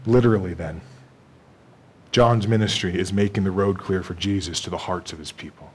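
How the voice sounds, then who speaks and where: A man's voice: low-pitched, fairly even intonation, normal speed, a little hiss or hum. A man preaching a sermon in a conversational way, acting out bits of dialogue and laughing with the congregation. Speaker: pastor.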